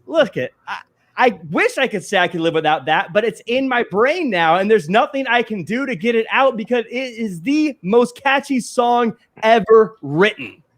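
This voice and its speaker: High-voiced man making an emphatic pitch. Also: animated, normal speed. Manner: emphatic, building speech. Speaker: panelist. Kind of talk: mock wrestling promo.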